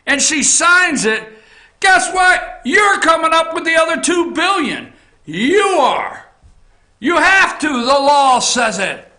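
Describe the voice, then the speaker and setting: Loud ranting man, echoey office. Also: very high-pitched, sing-song, takes it slowly. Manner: blunt, swearing, emphatic rant with repetitions; frequently shouting. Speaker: talk show host. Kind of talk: opinion rant on politics.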